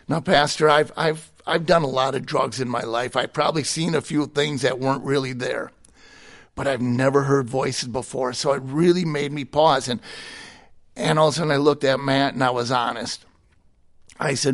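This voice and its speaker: A man's voice: medium pitch, fairly even intonation, moderate pace, fairly bright tone. A middle-aged man giving a personal testimony in conversation, candid and plainspoken, with a chuckle between stories. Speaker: guest sharing his testimony.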